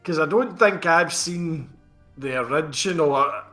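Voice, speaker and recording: Bright-voiced blunt male podcast guest. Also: a little high, a little slow, faint music behind. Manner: blunt, swearing, relaxed storytelling. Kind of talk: casual film review chat.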